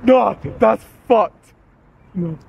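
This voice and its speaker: A young man with a slightly high voice, rambling and jumpy, swearing as he describes what he hears. He is recorded outdoors at night, with faint traffic noise around him. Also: drawn-out words, gravelly, muffled recording. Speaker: ghost-hunting vlogger. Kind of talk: casual paranormal investigation chat. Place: outdoors at night near a school.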